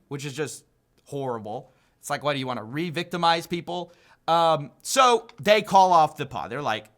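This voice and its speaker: A man's voice: high-pitched, animated, moderate pace, bright, forceful tone. A man hosting an online commentary video, talking in a sarcastic, mocking way and sounding incredulous. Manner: incredulous, mocking, laughs at the news.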